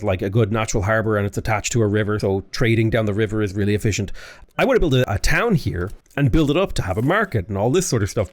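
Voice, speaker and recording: A man chatting his way through a strategy game as a YouTuber, rambling and breaking off mid-sentence. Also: medium pitch. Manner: chatty, rambling, self-interrupting.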